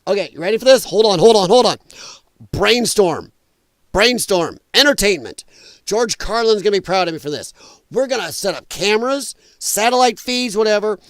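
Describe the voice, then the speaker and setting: A man hosting a livestream, talking casually to his viewers in an animated way and laughing often. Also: high voice, fast, no echo, studio quality. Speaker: livestream host.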